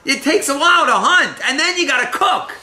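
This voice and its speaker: A man voicing an old blind father who is puzzled and suspicious, talking in animated exclamations. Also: fairly high pitch, fairly quick, voice pushed up.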